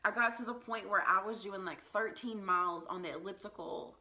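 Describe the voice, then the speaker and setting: Bright-voiced young woman telling her story. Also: medium pitch, brisk. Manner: candid, conversational, with frequent "like" and "um". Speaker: vlogger. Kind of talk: personal storytelling.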